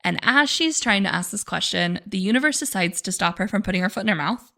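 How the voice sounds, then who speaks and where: A woman's voice: mid-range voice, animated, quick pace, creaky, pushed and bright. A woman hosting a book club podcast, recapping a novel in a chatty way and using lots of filler words. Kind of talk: casual chat, recapping a novel.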